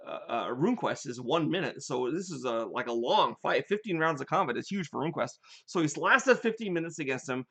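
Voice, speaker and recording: An older man with a fairly high voice chats casually on a live stream and drifts from topic to topic. He tells his gaming stories with lively energy and often breaks off to restart a sentence. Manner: animated storyteller, rambling with restarts. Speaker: game designer hosting a live chat.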